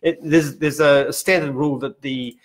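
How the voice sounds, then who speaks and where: An older Australian man, a company founder, chatting casually on a live stream from his open-plan head office, animated and often restarting his sentences with a chuckle. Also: fairly high pitch, normal speed. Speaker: company founder answering viewer questions.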